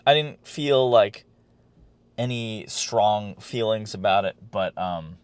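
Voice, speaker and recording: Deep-voiced man in casual podcast chat. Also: takes it slowly, clear, resonant tone, no room sound. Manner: relaxed, rambling with fillers and swearing. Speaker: podcast co-host.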